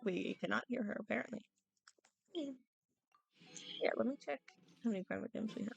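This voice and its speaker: A woman's voice: mid-range voice, moderate pace, gravelly, slightly rough, lo-fi sound. A woman streamer chatting casually while she plays a game, talking in a self-deprecating way and stumbling over words.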